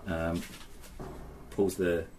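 A man narrating as game master, describing the action in a relaxed, rambling way with many fillers. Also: deep voice, drawn-out words. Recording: noisy background.

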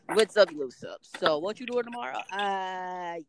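A man's voice: high-pitched, animated, moderate pace, gravelly, fairly bright tone, low-quality recording. A young man from Florida chatting casually on a podcast in a laid-back way, with easy agreeing interjections. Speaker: podcast co-host. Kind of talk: casual chat.

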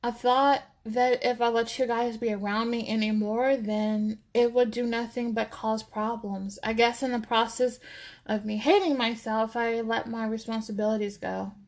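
A troubled young woman in a storybook speaks quietly, as if confessing, read by a woman. Her voice is a little high and subdued. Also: steady tone, moderate pace, natural voice. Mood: confessional. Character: troubled young woman full of self-doubt.

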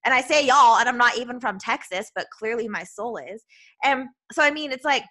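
A woman in her thirties from Utah with a Utah accent, hosting a podcast as a self-love coach, talking fast and bubbly with lots of "like" and "right?". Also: fairly high pitch, animated, sharp tone. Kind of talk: casual solo podcast monologue.

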